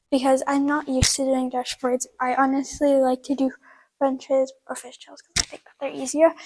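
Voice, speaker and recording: High-pitched woman chatting through a how-to at the barn, lots of "like"s, talks while she works. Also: poor audio. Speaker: horse-care video host. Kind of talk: casual how-to demonstration. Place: horse barn.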